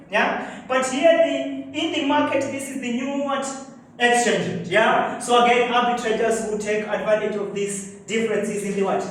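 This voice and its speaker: A man's voice: very high-pitched, fairly bright tone. A male lecturer teaching a class, prompting students to finish his sentences with fill-in-the-blank questions. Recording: very echoey room from far off, faint noise.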